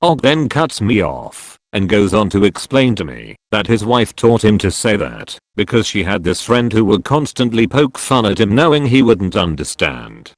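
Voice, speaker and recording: A man reading online stories aloud as a scripted narration, in an expressive storytelling manner. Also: fairly low pitch, moderate pace, hardly any pauses, dry recording.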